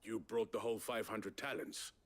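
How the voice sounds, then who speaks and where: A man's voice: lowish voice, normal speed, close to an everyday voice. An actor playing a scheming male crystal merchant with courteous, oily politeness, in a video game cutscene.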